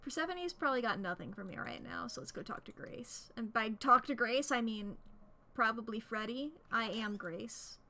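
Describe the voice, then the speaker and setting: A woman's voice: a little high, lively intonation, normal speed, pushed and bright. A woman streaming a game, chatting to her viewers in a rambling, giggly way, close to a desk microphone. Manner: rambling, giggly, talks to chat. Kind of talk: casual gaming stream commentary.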